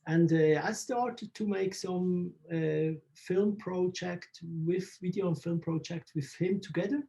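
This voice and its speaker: A Swiss photographer answers interview questions in halting English, often searching for the right words. His voice sits high and sounds gravelly yet mellow, and he speaks at a slow, unhurried pace.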